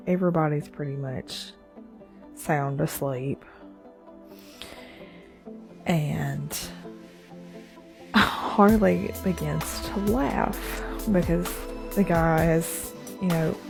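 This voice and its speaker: A woman with a low, gravelly voice tells a story at an unhurried pace. She rambles casually and keeps dropping in "like" and "you know." Faint music plays under her.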